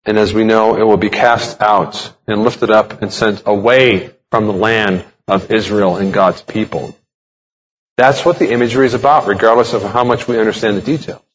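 A man's voice: fairly low pitch, steady tone, normal speed, slight background noise. Man preaching with rhetorical questions. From United States. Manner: explanatory, asks rhetorical questions. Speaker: pastor. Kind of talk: sermon.

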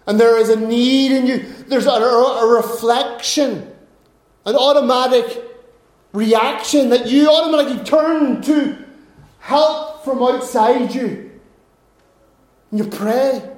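High-voiced man preaching in an echoey room. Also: a little slow. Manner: earnest, repeats and restarts words, acts out quoted voices. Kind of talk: sermon.

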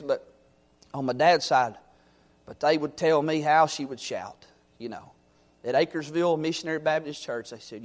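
Preacher man, high voice, fired up then quiet and folksy. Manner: fervent, swings from loud exhortation to quiet storytelling. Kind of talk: sermon.

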